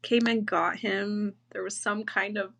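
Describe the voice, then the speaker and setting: Slow-talking woman guest, slightly high. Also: steady tone, vocal fry, a bit bright. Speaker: podcast guest. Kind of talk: casual chat.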